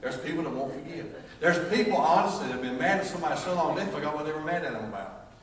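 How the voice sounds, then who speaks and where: Man, Southern accent, middle-aged pastor, jokey sermon storytelling, distant mic, booming church echo. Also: lively intonation, very fast. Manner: folksy, jokey storyteller, acts out voices. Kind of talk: sermon with humorous stories. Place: church sanctuary. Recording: echoey church from far off, faint noise.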